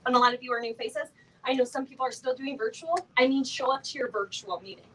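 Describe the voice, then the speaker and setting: Quick-paced and high-pitched, with a fairly bright tone, a middle-aged woman gives a playful, chatty motivational talk on stage at a sales event, scattering fillers and laughing asides throughout. The mic is distant and the audio poor.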